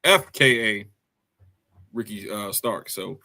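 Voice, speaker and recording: A man's voice: lowish voice, slow pace, bright, forceful tone. A man co-hosting a casual wrestling review podcast, rambling and slangy with lots of fillers. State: hiccups. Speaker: podcast co-host.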